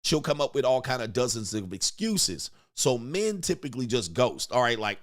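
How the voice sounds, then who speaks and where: A man's voice: mid-range voice, sing-song, moderate pace, few pauses. A man hosting a casual reaction commentary, crude and joking, often mimicking other people's voices. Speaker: commentary show host.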